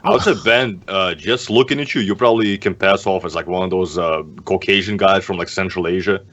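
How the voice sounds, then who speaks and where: A man's voice: sits low, brisk, a bit bright. A man with an accent that blends a foreign accent with a Brooklyn one, chatting loosely as a guest. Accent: mixed foreign and Brooklyn. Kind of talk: casual chat. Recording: dull lo-fi sound.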